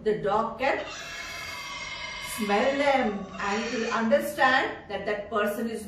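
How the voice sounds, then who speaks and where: A woman, teaching preschoolers slowly and in a sing-song way. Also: a little high, noisy background. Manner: sing-song, slow and drawn out, imitates animal sounds. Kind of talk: teaching young children. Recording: echoey room from far off.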